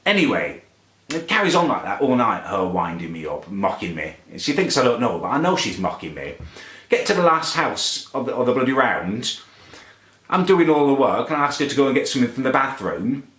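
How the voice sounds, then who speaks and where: A man's voice: mid-range voice, very animated, normal speed, fairly bright tone. A man playing a pompous, furious ranting Englishman. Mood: indignant rant. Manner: indignant, pompous, builds into angry outbursts. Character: petty, furious, self-righteous young man ranting on camera. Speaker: comedy character vlogger. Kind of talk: comic rant to camera. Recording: echoey room.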